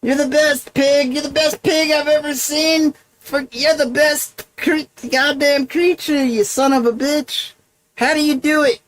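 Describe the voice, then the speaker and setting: A man doing a farmer in a high, strained voice, swearing with pure delight as he heaps praise on his pig. The tone is far from his own, squeezed up and bubbling over. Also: fairly even intonation, a little slow, a bit bright. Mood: gushing. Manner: effusive, cursing with delight.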